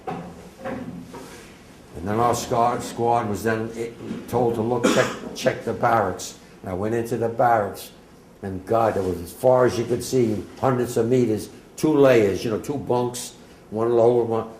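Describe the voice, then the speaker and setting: A man in his eighties from New Jersey gives an emotional eyewitness account to an audience, halting and at times swelling almost to a shout. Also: mid-range voice, echoey room, a little hiss or hum, low-quality recording. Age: 80s. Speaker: war veteran speaker.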